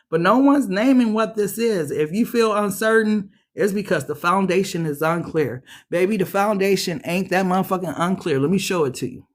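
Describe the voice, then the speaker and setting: Speaking straight to her audience, a tarot reader delivers a relaxed reading with crude, frank language, her voice spiking into high, excited outbursts.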